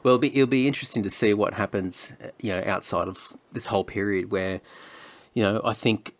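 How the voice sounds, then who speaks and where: Rambling, low-voiced man. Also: steady tone, a little fast. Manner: rambling, hedging with fillers. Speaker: podcast host. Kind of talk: casual chat.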